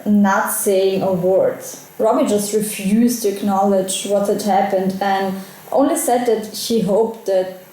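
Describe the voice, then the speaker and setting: A woman's voice: mid-range voice, dark tone, very echoey, poor audio. A woman narrating a true crime case in a conversational way, adding her own asides. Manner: conversational, personal asides while recounting events.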